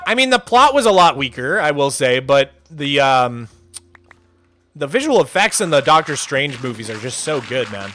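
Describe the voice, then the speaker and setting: A man's voice: mid-range voice, big pitch swings, normal speed, fairly bright tone, dry recording, faint music behind. A young man hosting a live stream in casual chat, reading and answering viewer messages. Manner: chatty, reads chat aloud, loose restarts. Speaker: streamer host.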